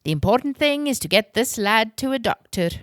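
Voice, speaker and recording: A woman's voice: on the high side, lively intonation, a little fast, no room sound, clean studio sound, voice pushed up, natural voice. A woman voicing a reassuring friendly driver. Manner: reassuring, upbeat.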